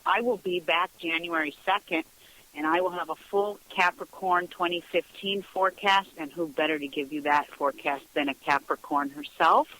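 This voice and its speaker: A middle-aged woman hosts a radio talk show in a relaxed, gossipy way. Her voice is bright and forceful, and she often breaks into laughter while acting out the people in her stories. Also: lowish voice, moderate pace, slight background noise, rough recording. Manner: chatty, laughs often, acts out quoted dialogue. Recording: radio broadcast sound.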